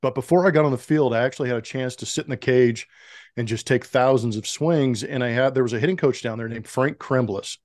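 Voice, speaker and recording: A middle-aged former pro baseball player, speaking briskly in a mid-range voice, tells stories as a guest in a podcast interview. He is an animated storyteller who acts out the voices in the dialogue he recounts, and the audio is clean studio sound with no room sound.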